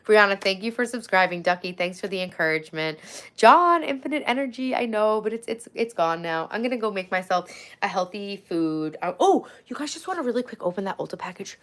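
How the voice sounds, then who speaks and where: A woman's voice: mid-range voice, expressive, brisk, a bit bright. Woman, forties, casual livestream host, chatty and friendly with viewers, home setup. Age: 40s. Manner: chatty, thanks viewers by name.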